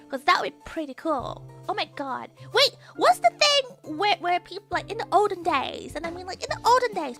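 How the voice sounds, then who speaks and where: A woman streaming as a VTuber, chatting casually in an excitable, ranting way with lots of giggling. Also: extremely high pitch.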